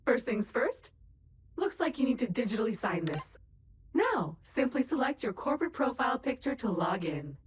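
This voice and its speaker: A woman's voice: a little high, very animated, normal speed, a little hiss or hum. A woman voicing a cheery AI assistant in a video game, chirpy and helpful. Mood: chipper. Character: cheery female AI assistant of a space habitat.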